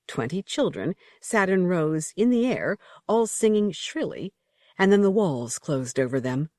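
Low voiced woman reading a story, really expressive, dry close mic. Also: measured pace, no room sound. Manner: vivid, rhythmic storytelling. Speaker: audiobook narrator. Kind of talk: expressive scripted narration.

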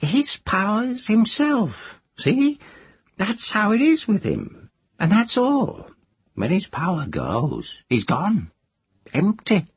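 A man voicing an old, earthy village witch woman who talks in a rustic country dialect with a drawn-out, sing-song lilt. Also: high voice, huge pitch swings, husky, no echo, pitched above the performer's own voice, full character voice. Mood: folksy, musing. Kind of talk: audiobook character voice.

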